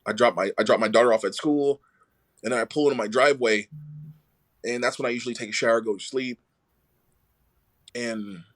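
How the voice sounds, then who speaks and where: A young man talks through his own story as a podcast guest, loose and conversational. He slips into other people's voices when he quotes them, animated as he goes. His voice sits at an ordinary middle pitch. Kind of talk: casual storytelling.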